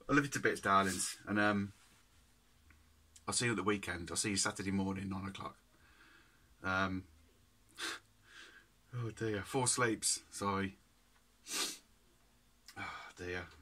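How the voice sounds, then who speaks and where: Giggly rambling man, bright voice. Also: on the low side. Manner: giggly, rambling, repeats "anyway". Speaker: food reviewer vlogger. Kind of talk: casual chat.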